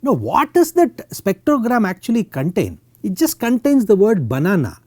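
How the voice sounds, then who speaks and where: A man with an Indian English accent giving a technical university lecture, halting often with fillers and tag words. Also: sits high, wildly swooping pitch, darkish tone, no echo, studio quality. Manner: halting, full of "uh" and "okay" tags. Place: lecture recording.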